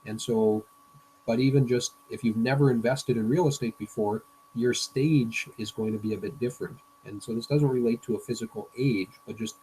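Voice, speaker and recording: A man's voice: on the low side, mellow, a little hiss or hum, poor audio. Hesitant man giving a coaching lecture. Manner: hesitant, frequent fillers and restarts. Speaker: business coach. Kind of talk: online presentation lecture.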